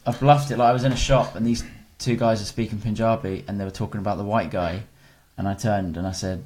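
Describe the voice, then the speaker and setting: Fast-talking, low-voiced man. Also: steady tone, a little mellow. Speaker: podcast guest, comedian. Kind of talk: casual chat.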